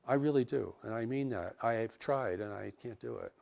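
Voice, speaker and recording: A man giving reflective interview answers about spiritual revelations, earnest and measured, often restarting his sentences. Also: mid-range voice, creaky, darkish tone.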